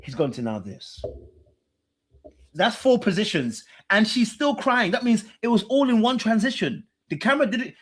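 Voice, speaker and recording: A man hosting a podcast, reacting to a dating show in casual, teasing commentary, swinging between loud excitement and hushed mimicry. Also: high voice, normal speed, breathy edge. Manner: animated, teasing, laughs, mimics people in a hushed voice.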